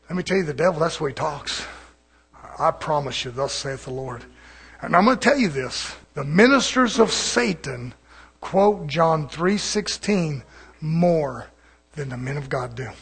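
Fervent husky preacher. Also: male voice, on the high side, lively intonation, unhurried. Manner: fervent, swings from shouting to hushed murmurs. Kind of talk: evening sermon. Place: church.

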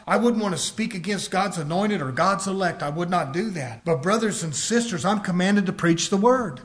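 A male preacher, delivering a fiery sermon that swings between hushed asides and shouted emphasis, in a folksy, emphatic way. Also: sits high.

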